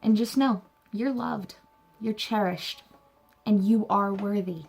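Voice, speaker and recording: Earnest young woman with a gravelly voice. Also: mid-range voice, steady tone, takes it slowly, darkish tone. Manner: earnest, encouraging, religious. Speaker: vlogger. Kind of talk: heartfelt personal talk to camera.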